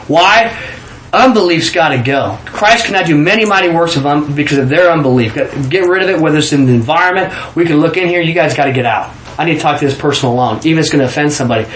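Animated man preaching in an echoey room. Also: fairly high pitch. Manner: animated, repeats words when excited, southern 'y'all'. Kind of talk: informal sermon with testimony. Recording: echoey room with faint background noise.

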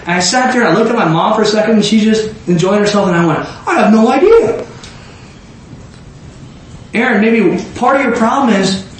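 Animated young man preaching in an echoey room. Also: sits high, quick pace. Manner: animated, acts out voices and shouts. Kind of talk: informal storytelling sermon. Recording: very echoey room, faint noise.

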